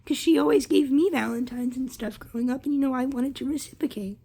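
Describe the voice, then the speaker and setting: A young woman candidly recounting a personal story in a halting, casual way, swearing freely. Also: high-pitched, vocal fry, mellow. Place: Lancaster area.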